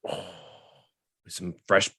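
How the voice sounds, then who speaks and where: A man's voice: takes it slowly, pushed and bright, no room sound. A man co-hosting a podcast, chatting in jokey, rambling banter and reading out news bits. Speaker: podcast co-host. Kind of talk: casual comedic banter.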